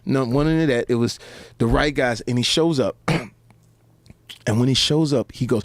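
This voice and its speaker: Animated man telling a story. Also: moderate pace, dry recording. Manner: acts out quotes in high put-on voices. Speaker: guest.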